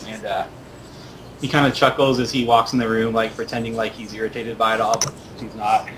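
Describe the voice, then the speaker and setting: Low-voiced man narrating a tabletop game. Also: flat delivery, a little fast, a bit bright. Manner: loose, filler-heavy narration. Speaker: game master. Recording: noisy recording with rumble.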